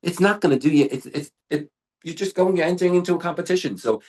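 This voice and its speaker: A middle-aged man and hair artist talking in an interview, telling animated stories with frequent restarts. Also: a little high, quick pace, slightly rough. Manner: animated storytelling with many restarts. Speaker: global ambassador and hair artist.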